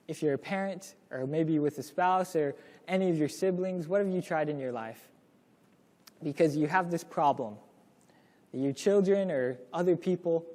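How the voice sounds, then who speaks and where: A man's voice: fairly high pitch, mellow, big-room sound. A young man presenting a parenting lesson to a class in a casual, storytelling way, acting out the lines he quotes. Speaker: course presenter.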